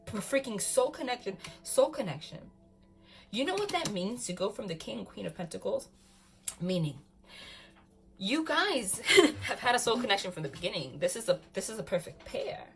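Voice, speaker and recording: A woman giving a casual tarot reading to camera, excitable, often saying "freaking" and "like", swinging from calm talk to loud laughing outbursts. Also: mid-range voice, moderate pace, faint music behind. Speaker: tarot reader.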